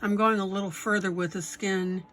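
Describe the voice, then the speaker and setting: Leading a step-by-step coloring tutorial, a woman stays encouraging and keeps checking in with "okay?" and "right?" Her mid-range voice holds a steady tone at a normal speed.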